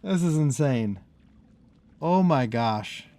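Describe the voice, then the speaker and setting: A man's voice: mid-range voice, animated, slow pace, mellow. A man from the US Midwest streaming a game, chatting casually as he plays, rambling and breaking off mid-thought with frequent laughs. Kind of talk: casual live-stream commentary.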